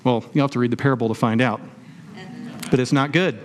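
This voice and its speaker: Man, pastor, sermon, conversational, rhetorical questions, everyday examples, mid pitch. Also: steady tone, fairly quick, a little hiss or hum.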